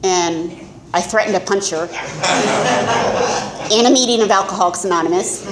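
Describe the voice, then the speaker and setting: A woman's voice: medium pitch, unhurried, a loud crowd. Candid middle-aged woman sharing her testimony. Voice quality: candid, self-mocking. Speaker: recovery speaker. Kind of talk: personal testimony talk. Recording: echoey room with faint ambience.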